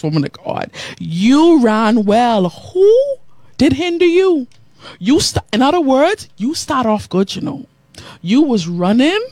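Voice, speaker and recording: A woman radio host preaching to listeners in a lively, repetitive style, reading out their texted comments. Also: a little high, no room sound. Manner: animated preacherly delivery, repeating phrases, reading comments aloud. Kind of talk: preaching talk show with listener texts.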